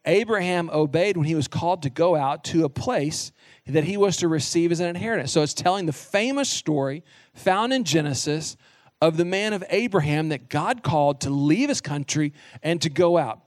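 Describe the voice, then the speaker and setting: A man's voice: fairly high pitch, lively intonation, moderate pace, no room sound, clean studio sound. A middle-aged man preaching a sermon as a pastor, earnest and emphatic, stressing short repeated phrases.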